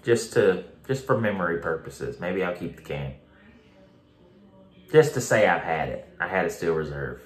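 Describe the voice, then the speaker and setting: A man's voice: low-pitched, expressive, moderate pace. A man giving a blunt, casual beer review, repeating himself for emphasis and swearing now and then. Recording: echoey room.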